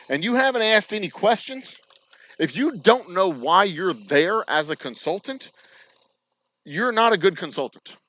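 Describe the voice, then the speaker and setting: A man's voice: fairly high pitch, fairly bright tone, rough recording. A man with a Texan accent running a distillery's channel, ranting sarcastically with lots of swearing and mocking imitations. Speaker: distillery owner hosting a channel. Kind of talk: ranting casual talk to camera.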